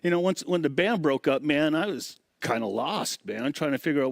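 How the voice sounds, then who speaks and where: Middle-aged guy, slightly high voice, chatty storyteller, dry close sound. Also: moderate pace, gravelly, no echo. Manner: animated, chatty, often says "man". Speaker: guest, touring drum tech. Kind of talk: casual interview storytelling.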